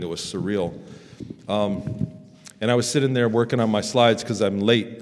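A man's voice: fairly low pitch, darkish tone. A man speaking at a conference, telling a personal story in a rambling, candid way with restarts and casual swearing. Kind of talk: storytelling talk. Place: conference hall. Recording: long hall reverb.

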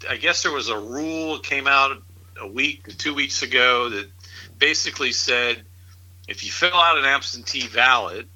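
A man's voice: medium pitch, moderate pace, bright, forceful tone, low-quality recording. A middle-aged man in casual political chat, rambling and incredulous, with frequent laughs.

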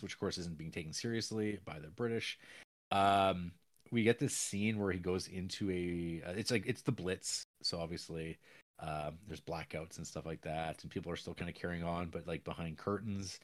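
A man with a very low voice talks through a film's plot in a loose, rambling podcast chat. He keeps slipping into quick acted-out quotes between fillers. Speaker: podcast co-host. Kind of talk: casual film discussion.

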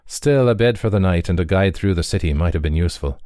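A man's voice: deep voice, lively intonation, fast talker, dark tone, no room sound. Man doing a homesick young emigrant, earnest, slightly raised voice, dry close sound. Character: good-humoured young male Irish emigrant, homesick.

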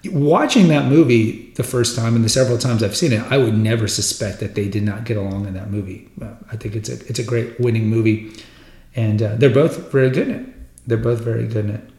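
A man's voice: lowish voice, fairly quick, a little mellow. A man hosting a podcast, chatting casually and enthusiastically about a film career in a rambling, conversational way. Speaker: podcast host. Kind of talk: casual film retrospective chat. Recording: roomy echoey room sound.

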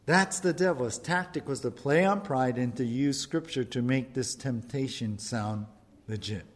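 Speaking at a measured pace in a medium pitch, a male pastor delivers a relaxed, chatty sermon. He often turns to the congregation and calls them "you guys."

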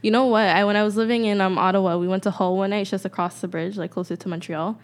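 A woman's voice: medium pitch, steady tone, quick pace. A woman, co-hosting a podcast and telling stories in a brash, slangy way. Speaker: podcast co-host. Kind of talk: casual podcast chat.

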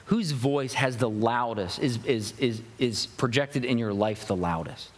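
In a church sanctuary with long hall reverb, a young man delivers a sermon as pastor in an unhurried, mid-range voice. He is earnest, poses many rhetorical questions, and frequently starts his phrases over.

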